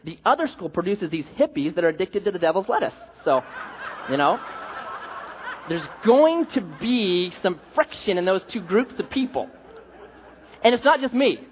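A man's voice: sits high, expressive, moderate pace, some chatter behind, a little hiss or hum. A male pastor preaching a sermon, telling stories animatedly with jokes, in an echoey hall with dull sound.

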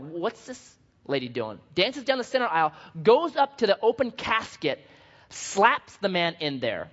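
A man preaches in a church sanctuary, his voice a touch high and very lively, swinging from loud bursts to hushed asides. The sound is a little dull and lo-fi. A long hall reverb trails behind his words. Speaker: pastor. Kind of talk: sermon.

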